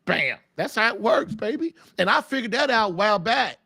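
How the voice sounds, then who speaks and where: A man's voice: sits high, expressive, brisk, vocal fry, pushed and bright, breathy edge, dry recording, clean studio sound. A man hosting a faith-based show, preaching in emphatic, casual talk full of folksy slang and repeated phrases for punch. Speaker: podcast host.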